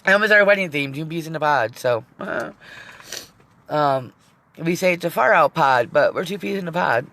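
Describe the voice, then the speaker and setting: A woman's voice: low-pitched, expressive, moderate pace, fairly bright tone. A middle-aged woman chatting on a live vlog from inside her van, rambling, emotional and teary at times, with some swearing. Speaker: vlogger. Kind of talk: casual live-stream chat.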